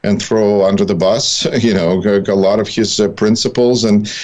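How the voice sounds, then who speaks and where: A man co-hosting a political talk show, giving analytical commentary in a halting, wry way, with frequent fillers and restarts. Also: fairly low pitch, steady tone, darkish tone.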